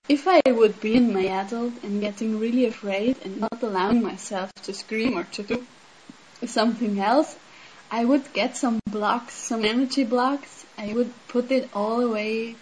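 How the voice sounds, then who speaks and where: The audio is rough with a bit of background noise as a Swiss woman, her voice fairly high and a little mellow, offers personal insight in a relaxed spiritual talk. She is earnest and reflective, frequently saying "like" and "um".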